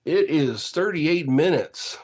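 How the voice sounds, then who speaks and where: A man's voice: on the high side, expressive, takes it slowly. A man casually chatting with viewers on his livestream, rambling and joking, reading comments aloud and often laughing at his own jokes. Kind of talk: casual chat with live viewers.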